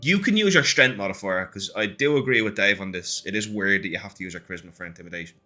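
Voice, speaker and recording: A man running a tabletop game as game master, in an animated, encouraging way. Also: fairly low pitch, fast, faint music behind.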